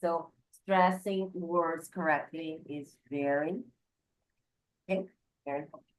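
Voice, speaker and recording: A woman's voice: sits low, steady tone, unhurried, roomy sound, poor audio. A woman English teacher leading an online class, patiently explaining grammar and switching between English and Portuguese.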